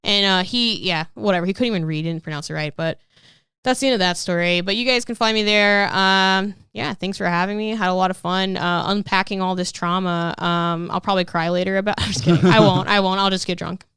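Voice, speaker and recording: A woman's voice: lowish voice, fairly even intonation, brisk, a bit bright, clear, resonant tone, no echo, clean studio sound. A woman comedian in her thirties chatting candidly on a podcast, rambling and swearing, with constant "like"s. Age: 30s. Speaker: comedian guest. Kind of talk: casual podcast interview.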